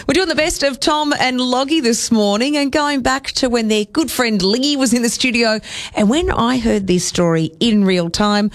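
A woman's voice: on the high side, moderate pace. A woman, a radio announcer, reading breezy station updates. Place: radio studio.

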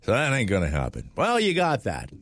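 A man's voice: medium pitch, wildly swooping pitch, a little fast, fairly bright tone, dry recording, studio quality. A middle-aged man hosting a morning radio show, chatting casually and laughing easily as he rambles. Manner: chuckling, rambling, easygoing.

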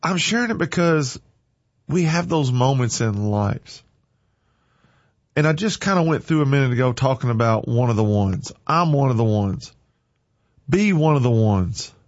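A man's voice: medium pitch, lively intonation, normal speed, dry recording, dull audio. Tearful man, fervent and folksy. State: teary-eyed, crying. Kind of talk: emotional on-air talk.

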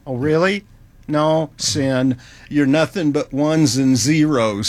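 A man's voice: on the high side, slow, dry recording. A man hosting a talk show, wry and teasing, often chuckling between remarks. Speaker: host.

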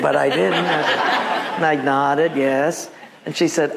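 A man preaching a sermon as pastor, telling stories with lively acted-out voices. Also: on the high side, a little slow, vocal fry, slight background noise. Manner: animated storytelling, acting out voices.

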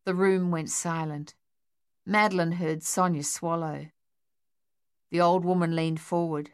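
Woman, audiobook narrator, measured, smooth, lowish voice. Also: steady tone, no echo, studio quality.

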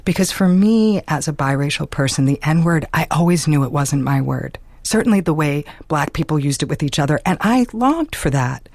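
A woman guest in an interview, talking casually in quick bursts, with plenty of "like" and laughs between phrases. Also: low-pitched, a little mellow, dry recording.

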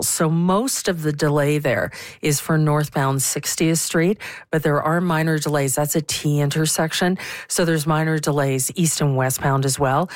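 A woman reading the weather and traffic on morning radio, briskly and clearly, a little hoarse, in a studio. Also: sits low, no echo. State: slightly hoarse. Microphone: studio mic.

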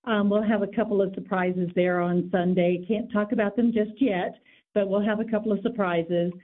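A woman of middle pitch calls into a radio show and lists details in a steady, informative way. Her voice comes through a narrow, tinny phone line. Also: moderate pace. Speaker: guest, local party volunteer organizer. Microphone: telephone.

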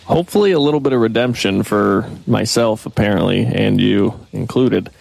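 A man's voice: fairly low pitch, normal speed, vocal fry, a little mellow, soft background music. A man working as a show's video producer, laid-back, explaining the rules of a trivia game. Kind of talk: casual studio chat.

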